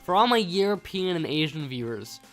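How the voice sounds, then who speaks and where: A man's voice: fairly high pitch, very animated, normal speed, fairly bright tone, soft background music. A young American man with an American accent, rambling through casual let's-play commentary, stumbling over words and swearing. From United States. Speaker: gaming YouTuber.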